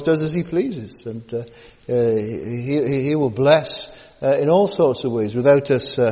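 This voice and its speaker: A man preaching a sermon, halting with many fillers and repeated words, with folksy asides. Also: medium pitch, a little mellow. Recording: long hall reverb.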